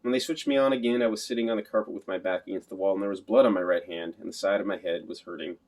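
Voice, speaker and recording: A man reads a first-person audiobook in a literal, matter-of-fact manner. His voice is low and he moves quickly through the sentences. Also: steady tone, darkish tone. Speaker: audiobook narrator. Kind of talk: scripted first-person narration.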